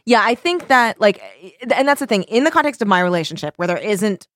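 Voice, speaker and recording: A woman's voice: medium pitch, animated, brisk, fairly bright tone, no room sound, clean studio sound. A woman co-hosting a podcast in casual chat, blunt and assertive, often laughing. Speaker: podcast co-host.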